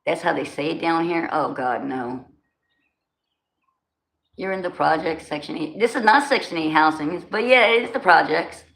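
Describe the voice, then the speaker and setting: This livestream host is a woman in her forties with a New Jersey accent, speaking at a moderate pace in a low, creaky, fairly bright voice. She greets her viewers by name and chats loosely in slang, and the room sounds roomy with faint background noise.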